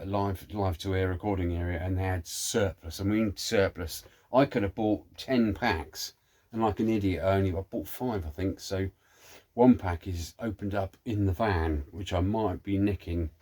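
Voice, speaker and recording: A man, chatting casually and rambling with cheeky asides while he works in his home workshop. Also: lowish voice. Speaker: workshop vlogger. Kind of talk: casual chat while working.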